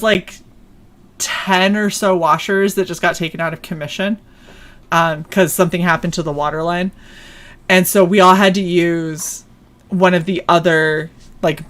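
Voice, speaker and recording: A young adult woman co-hosting a stream, telling a story casually, swearing and laughing often. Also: deep voice. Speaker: stream co-host.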